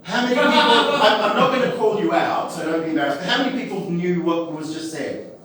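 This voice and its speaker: A man's voice: on the high side, animated, fast, fairly bright tone. A man doing live stand-up comedy in character, chatty and self-deprecating, with asides to the crowd. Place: comedy festival stage before a live audience. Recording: echoey venue, mic at a distance.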